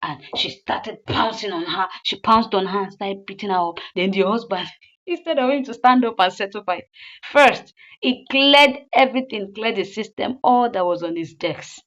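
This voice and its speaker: A woman's voice: mid-range voice, normal speed, a bit bright, dull audio. A woman casually recapping a comedy episode in a chatty retelling. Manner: chatty, with many fillers and restarts.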